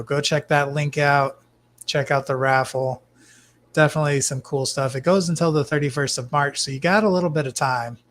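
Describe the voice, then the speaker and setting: A man hosting a casual live stream from his fish room, greeting chat viewers by name in a relaxed way. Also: on the high side, a little hiss or hum. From Arizona, US. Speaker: livestream host.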